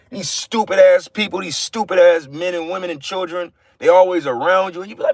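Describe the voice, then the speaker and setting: A man's voice: high-pitched, normal speed, few pauses, no echo. A man giving an informal livestream sermon, blunt and profane, repeating phrases for emphasis. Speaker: livestream preacher.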